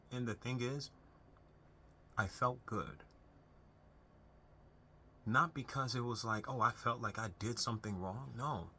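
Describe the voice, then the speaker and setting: A man's voice: lowish voice, pushed and bright, slight background noise. A young man talking earnestly to camera, giving unscripted advice on family relationships in a conversational way with frequent restarts. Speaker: self-help video host.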